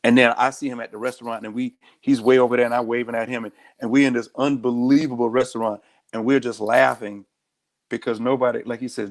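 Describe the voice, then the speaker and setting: A man's voice: medium pitch, little pitch movement, fast. A man, a sheriff speaking as an interview guest, telling stories in a direct, earnest way. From United States. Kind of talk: candid interview talk.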